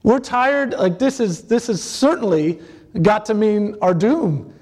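A man preaching a sermon, halting with many fillers and restarts, acting out the voices he quotes. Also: sits high, expressive, warm tone. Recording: long hall reverb.

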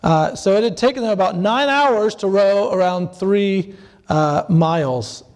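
Male preacher, high pitch, hesitant delivery, recorded in a reverberant hall. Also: darkish tone. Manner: halting, many fillers and restarts; acts out quoted voices. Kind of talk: sermon.

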